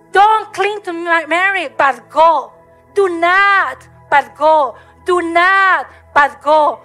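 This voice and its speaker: Woman preacher, high and bright, English, repetitive emotional sermon cadence, faint music under. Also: low-quality recording.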